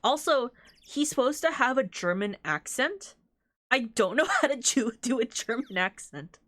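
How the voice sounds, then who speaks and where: A woman's voice: a little high, lively intonation, unhurried, fairly bright tone, dry recording. A woman streaming a visual novel, chatting casually and reading its lines aloud, laughing often between remarks.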